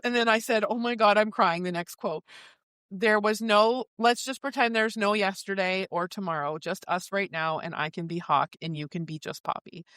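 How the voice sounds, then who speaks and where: A woman's voice: medium pitch, normal speed, fairly bright tone, no room sound. A woman co-hosting a casual book club podcast, reading her notes and quotes from the book aloud and laughing often. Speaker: podcast co-host.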